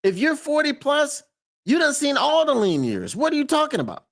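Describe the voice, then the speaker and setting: A man hosting a podcast live stream in casual chat, emphatic and quick to laugh, repeating his points for effect. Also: very high-pitched, sing-song, fairly bright tone.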